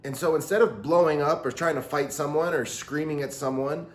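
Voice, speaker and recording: Animated man teaching a youth Bible lesson. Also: on the high side, brisk. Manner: lively, acts out quotes in voices. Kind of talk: recorded Bible lesson for teens. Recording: roomy echo.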